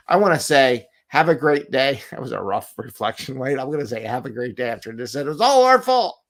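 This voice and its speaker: A man's voice: medium pitch, a bit bright. A middle-aged man hosting a casual live show from home, talking earnestly and rambling, with repeats and small laughs. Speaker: agile coach and show host. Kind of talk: casual live-stream talk. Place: home, with a cat nearby.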